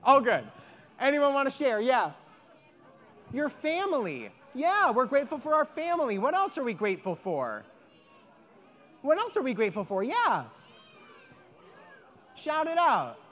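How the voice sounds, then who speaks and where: A woman telling a folk tale to children, animated and inviting them to join in. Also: high-pitched, a little slow, long pauses. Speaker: storyteller leading children. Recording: echoey hall.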